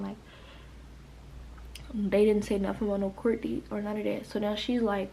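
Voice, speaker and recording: A woman's voice: mid-range voice, flat delivery, normal speed, creaky, warm tone, slight background noise, low-quality recording. A woman in her late teens from the United States, telling an emotional storytime in a rambling way, full of "like". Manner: emotional, rambling, heavy use of "like". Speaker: vlogger. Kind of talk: storytime vlog.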